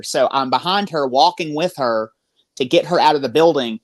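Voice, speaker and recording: A man's voice: mid-range voice, brisk. A man guest retelling an event step by step in conversation. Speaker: podcast guest, paranormal investigator. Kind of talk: storytelling in conversation.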